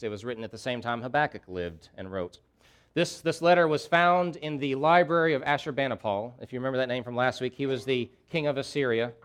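A man preaching a sermon, delivering impassioned pleas and repeating key phrases for emphasis. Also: medium pitch. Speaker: pastor.

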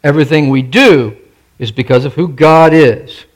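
A man's voice: a little high, normal speed. A male pastor preaching a sermon, stressing and repeating his key points and putting questions to the congregation.

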